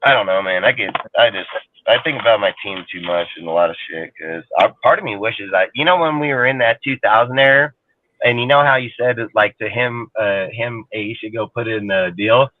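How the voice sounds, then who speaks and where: A man's voice: mid-range voice, expressive, brisk. A man talking football on a casual sports talk show, rambling, profane and heated. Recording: tinny phone-like line, dry.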